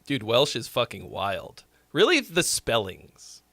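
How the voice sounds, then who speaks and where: A man's voice: medium pitch, wildly swooping pitch, slow pace, bright, forceful tone, no room sound. A man chatting casually on a live stream, swearing freely and joking as he rambles. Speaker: streamer and song critic.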